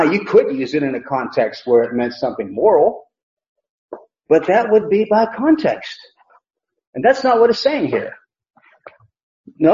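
A man with a fairly high voice and darkish tone teaches a verse-by-verse Bible lesson emphatically, repeating key phrases and often restarting sentences. The recording is echoey and dull, with lo-fi sound.

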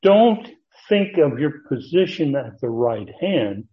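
Man, Bible teacher, mid pitch, emphatic verse-by-verse teaching, dull lo-fi sound. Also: sing-song, unhurried. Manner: earnest, emphatic, stretches key words, reads from notes. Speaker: pastor teaching a Bible study. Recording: dull lo-fi recording.

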